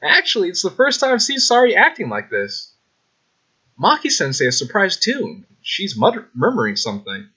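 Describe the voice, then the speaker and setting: A man hosting a let's play, reading a visual novel aloud with excitable, swearing reactions. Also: high-pitched, moderate pace, slightly rough. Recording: slightly dull with game music.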